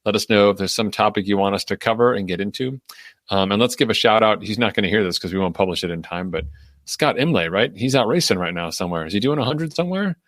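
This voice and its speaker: A man's voice: on the low side, fast talker, dry recording. A man co-hosting a podcast in casual chat, telling stories with a laugh and acting out his own inner voice. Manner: animated storytelling, acts out his own inner voice; laughs often, lots of filler words. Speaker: podcast co-host.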